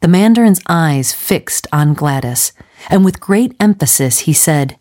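A woman narrating a storybook with a measured, clear reading. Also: low-pitched, animated, warm tone. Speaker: audiobook narrator.

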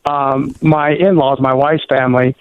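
A man calling in to a radio program, politely and haltingly laying out a family debate. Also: medium pitch, fairly even intonation, smooth, dry recording. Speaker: caller. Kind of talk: phone-in question. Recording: tinny phone line.

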